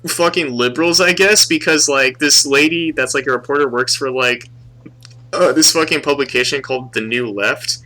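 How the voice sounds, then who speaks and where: A young man co-hosting a casual podcast, his voice bright and forceful. He talks in an animated way, swears often and jumps into high-pitched impressions of characters. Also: normal speed. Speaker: podcast co-host. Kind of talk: casual movie review chat.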